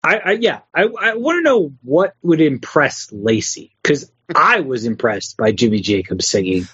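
A man chatting casually on a podcast, joking in a halting way. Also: medium pitch, very animated, a bit bright, breathy edge, no room sound, muffled recording. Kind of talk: casual chat.

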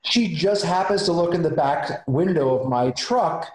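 A man's voice: a little high, measured pace. A man, a special effects makeup artist, telling a story casually and acting out the voices of the people in it. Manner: animated, acts out the voices in his story. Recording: roomy echo.

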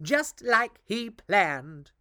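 A woman's voice: mid-range voice, big pitch swings, very slow, sharp tone, no room sound, clean studio sound, pitched above the performer's own voice, exaggerated voice. A woman voicing a scheming witch disguised as a prince, with a sly, gleeful manner.

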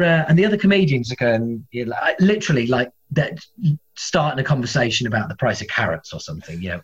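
A man, a comedian and guest, telling stories in a casual, animated way and acting out other people's voices. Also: mid-range voice, highs cut off. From England. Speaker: guest, comedian and former metal singer. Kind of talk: casual storytelling.

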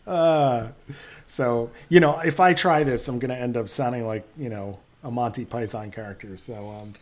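A man co-hosting a casual comics podcast, easygoing and quick to laugh. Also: medium pitch. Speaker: podcast co-host.

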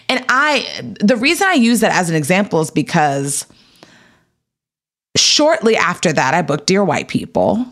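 Actress guest, woman, 30s, expressive storyteller with a wide, lively pitch range. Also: moderate pace. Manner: animated, acts out quotes in raised voices. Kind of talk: casual storytelling interview.

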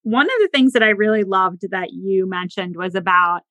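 A woman's voice: mid-range voice, normal speed, sharp tone, no echo, low-quality recording. A woman hosting a podcast interview, talking in an emphatic, opinionated way. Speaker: podcast host. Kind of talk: casual interview chat.

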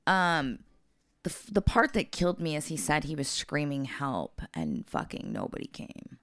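Casting: low-pitched woman with a gravelly edge, blunt and profane, dry close mic. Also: huge pitch swings, normal speed, fairly bright tone, no echo. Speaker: podcast co-host. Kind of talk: casual storytelling chat.

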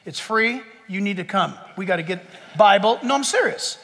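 A man preaches to his congregation in a sharp, forceful voice that sits very high. He jumps between plain teaching and acted-out bits of imagined talk. Long reverb rings from the church hall around him. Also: normal speed. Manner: animated preaching, acts out voices of listeners. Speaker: pastor. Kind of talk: sermon. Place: church sanctuary before a congregation.

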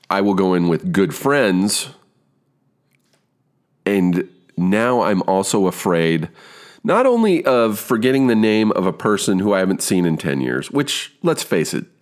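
A man in his fifties with a rich baritone voice, rambling casually as a podcast host, swearing and poking fun at himself. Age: 50s. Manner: rambling, swearing, self-deprecating. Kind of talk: casual monologue.

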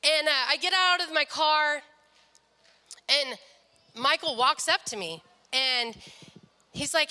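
A woman's voice: high voice, animated, moderate pace, sharp tone, in a large hall. A young woman sharing a personal faith story in an earnest devotional talk, often quoting people in their own voices. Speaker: speaker sharing a testimony.

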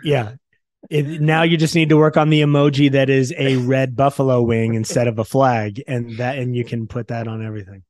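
A man co-hosting a podcast who speaks in an easygoing way and chimes in with quick agreement. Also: mid-range voice, flat delivery, a little mellow, dry recording, studio quality. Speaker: podcast co-host. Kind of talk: casual chat.

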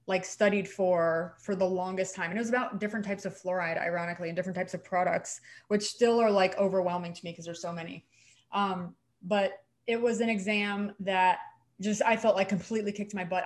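A young adult woman, a dental hygienist co-hosting a show, talking in an animated, emphatic way. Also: medium pitch, a little fast. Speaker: podcast co-host, dental hygienist. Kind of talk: casual chat.

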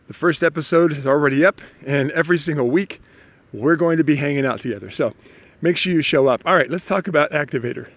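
An upbeat man hosts his own podcast, talking chattily with a slight cold in his voice. His pitch sits a little high for a man, and he often restarts his sentences. The sound is dry and close, with no room echo. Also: fast talker. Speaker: podcast host. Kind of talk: solo motivational podcast talk.

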